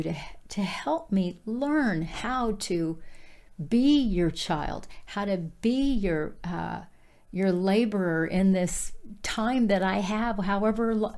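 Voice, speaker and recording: A woman's voice: mid-range voice, a little mellow. A woman giving a casual devotional Bible teaching, speaking earnestly and directly to her listeners.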